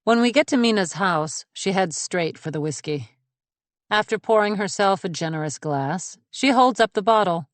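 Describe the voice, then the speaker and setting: A woman's voice: medium pitch, lively intonation, moderate pace, no echo. A woman narrating a first-person thriller audiobook in a cool, observant, composed way.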